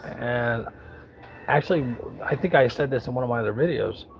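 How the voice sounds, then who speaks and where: A man's voice: mid-range voice, moderate pace, creaky, poor audio. An American man in his fifties or sixties, telling stories in a blunt, folksy, sometimes profane way as a vlogger at home. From United States. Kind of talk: casual storytelling monologue.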